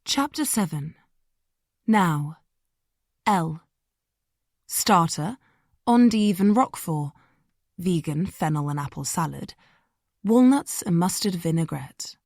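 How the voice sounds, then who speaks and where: A woman reading an audiobook in scripted narration, steady and measured, in a dry booth. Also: on the low side, dry recording.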